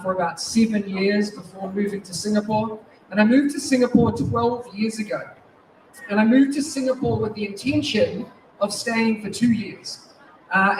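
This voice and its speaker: A man in his forties from New Zealand with a New Zealand accent, giving a lively, restless conference keynote in a large hall. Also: sits high. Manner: lively, restless, moves around while talking. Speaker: keynote speaker. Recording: echoey hall, distant mic, faint noise.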